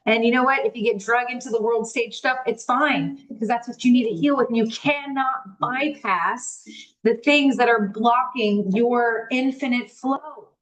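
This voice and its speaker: Through poor-quality audio, a woman with a slightly high voice speaks candidly about spirituality on a live stream. She curses freely, dramatizes her inner thoughts, and later reads aloud slowly from a book.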